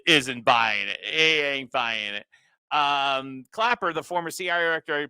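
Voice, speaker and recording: A male talk show host delivers a political commentary monologue, reading quotes aloud and breaking in with mocking, sarcastic remarks. His pitch swoops and jumps as he talks, and his tone is bright and forceful. The sound is dry and close, with no room echo. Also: clean tone.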